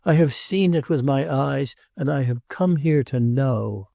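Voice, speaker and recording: A man's voice: medium pitch, lively intonation, a little slow, gravelly, mellow, no room sound, studio quality, voice pushed up. A man voicing an agitated, jealous nobleman who pleads and repeats himself, in an audiobook.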